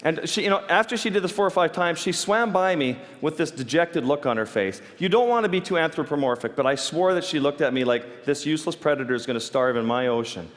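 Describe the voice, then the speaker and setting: Onstage, a male storyteller speaks in a fairly high, animated voice that rings with long hall reverb. His delivery halts as he restarts sentences partway through, and laughter comes to him easily.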